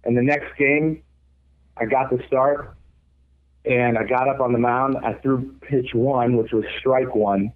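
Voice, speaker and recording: A man in his twenties, a former college pitcher, telling his story earnestly and reflectively in an interview. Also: steady tone, a little slow. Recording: tinny phone-like line.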